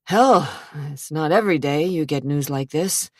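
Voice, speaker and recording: A woman reading aloud, voicing a cocky young man who speaks in a low, offhand way. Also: unhurried, a little mellow, no room sound, clean studio sound.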